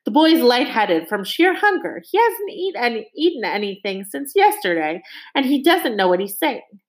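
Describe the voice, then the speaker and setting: A woman voicing a calm, dignified male butler who speaks formally and politely in a storybook reading. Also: fairly high pitch, normal speed, voice pushed up. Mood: composed.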